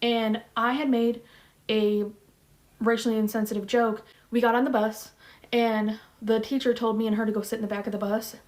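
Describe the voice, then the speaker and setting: A woman's voice: fairly high pitch, flat delivery, moderate pace, darkish tone. A woman in her thirties telling a personal story to camera in a chatty, blunt, slangy way. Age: 30s. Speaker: vlogger.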